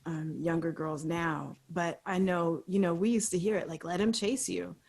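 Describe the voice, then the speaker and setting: Husky woman co-hosting a candid chat. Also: on the low side, steady tone, moderate pace, darkish tone. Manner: earnest, explains with long repeated examples. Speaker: podcast co-host.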